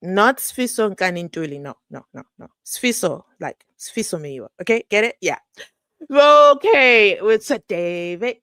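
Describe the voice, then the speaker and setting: Her voice is mid-range, clear and resonant, and she speaks a little slowly with no room sound around her. This South African true crime host chats casually with her live-stream audience, lively and prone to laughs and tangents.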